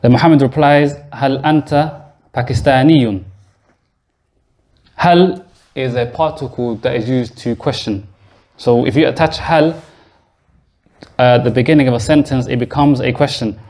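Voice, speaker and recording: A man's voice: medium pitch, moderate pace, darkish tone. Man teaching a beginner language class. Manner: explains step by step, quizzes students. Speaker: Arabic teacher. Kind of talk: classroom lesson. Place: mosque classroom.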